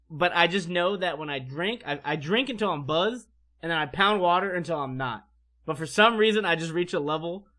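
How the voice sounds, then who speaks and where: A man telling a casual story on his stream, animated, profane and rambling. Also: on the high side.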